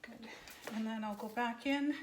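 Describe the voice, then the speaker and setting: Woman craft vlogger, chatty and self-deprecating, slightly high voice, faint background noise, phone recording. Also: steady tone, moderate pace, reverberant. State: out of breath. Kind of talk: casual tutorial talk. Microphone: phone camera.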